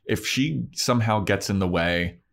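A man co-hosting a TV recap podcast, chatting casually and acting out scenes in quick put-on voices, swearing freely. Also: lowish voice, vocal fry, a bit bright. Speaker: podcast co-host.

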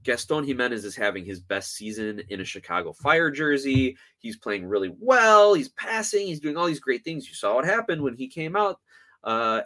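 Sarcastic guy hosting a podcast, fed up and ranting, voice kinda high and swinging all over. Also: fairly bright tone. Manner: frustrated, sarcastic and emphatic. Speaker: podcast host. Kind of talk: sports podcast rant.

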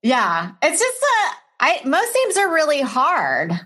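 A woman's voice: sits high, wildly swooping pitch, takes it slowly, sharp tone. A woman telling stories in a casual chat, often laughing as she talks.

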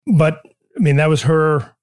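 An older male business owner talks haltingly as a guest, slipping in dry, self-deprecating jokes. The sound is close and dry, with no room echo. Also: fairly high pitch, darkish tone. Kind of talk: casual interview chat.

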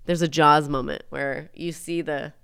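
Woman recapping a movie, lowish smooth voice, acts out bits, dry close mic. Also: a little slow, dry recording. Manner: animated storyteller, acts out quotes. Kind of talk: casual film retelling.

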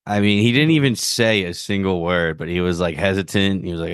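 Man, podcast guest, deep voice, dry close sound. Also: a little fast, few pauses, smooth, dry recording. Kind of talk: casual show discussion.

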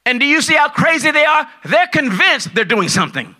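A man preaching a sermon as pastor, loud and excitable, dropping from shouts to low asides and acting out the people in his stories. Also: a little fast. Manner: acts out dialogue in his stories. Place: large church hall at a conference.

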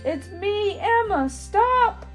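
A woman's voice: high voice, lively intonation, takes it slowly, a little mellow, soft background music, pitched above the performer's own voice. A woman voicing a frightened, determined young girl who cries out in alarm. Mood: desperate.

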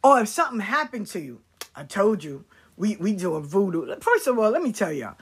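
A woman's voice: mid-range voice, very animated, moderate pace, slightly rough. A woman speaking casually to her viewers, blunt and profane, repeating her points for emphasis. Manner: emphatic repetition.

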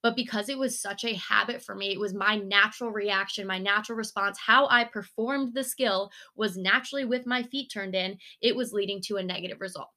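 Bright-voiced young woman telling a story. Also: mid-range voice, fairly even intonation, a little fast, hardly any pauses. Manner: candid and conversational, with frequent swearing and "like" fillers. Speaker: podcast host. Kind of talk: casual storytelling monologue.

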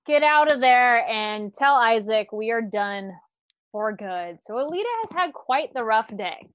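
High, animated woman host, dry lo-fi sound. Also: a little slow, no echo. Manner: animated, exclamatory, quotes reactions. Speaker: podcast co-host. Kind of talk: casual recap chat. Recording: dull, dry lo-fi mic.

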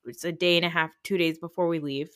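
Fast-talking and fairly low-pitched, this woman's voice is still fairly bright, with a mostly even intonation. She's a thirtysomething podcast host from the United States with a New Jersey accent, chatting casually and rambling with many fillers. The recording is dry and studio quality.

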